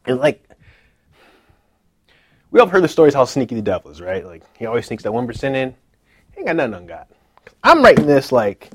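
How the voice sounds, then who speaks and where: A man's voice: fairly high pitch, very animated, normal speed, pauses often, no room sound. Guy sharing his faith story, earnest and emotional, nervous little laughs, dry close sound. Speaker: churchgoer giving a personal testimony. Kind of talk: casual spoken testimony.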